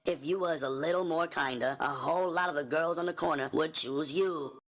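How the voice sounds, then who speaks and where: A man voicing a fearful, submissive young woman in an audiobook, speaking in a soft, breathy, pleading tone. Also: a little high, fairly quick, pitched above the performer's own voice. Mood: drowsy. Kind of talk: audiobook character voice.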